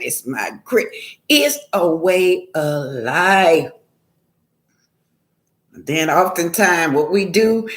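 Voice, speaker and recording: A woman talking casually on her own live stream, repeating her points for emphasis and laughing often. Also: mid-range voice. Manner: warm greetings, emphatic repetition, slow drawn-out phrasing. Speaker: vlogger.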